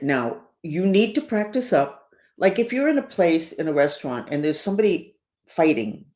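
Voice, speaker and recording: A woman's voice: fairly low pitch, darkish tone. A middle-aged woman with the hiccups, hosting a podcast and talking emphatically and preachily to her listeners. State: has the hiccups. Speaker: podcast host. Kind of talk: casual spiritual talk to listeners. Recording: roomy echo.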